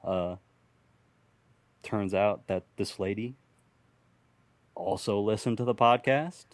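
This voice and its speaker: A young man spins a loose, profane improvised tale for a podcast, chuckling at his own jokes as he goes. His voice sits on the low side. The sound is dry and close to the mic. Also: slow, no echo. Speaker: podcast host telling an improvised story. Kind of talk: casual improvised storytelling.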